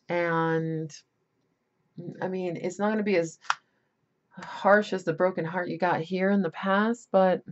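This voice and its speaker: A woman's voice: on the low side, darkish tone, highs cut off. A woman giving a casual tarot reading, chatty and rambling, with emphatic warnings. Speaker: tarot reader.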